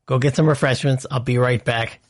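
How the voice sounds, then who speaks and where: A man's voice: medium pitch, steady tone, brisk, heavy background noise. A man hosting a podcast, chatting and ranting in a casual, opinionated way. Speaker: podcast host.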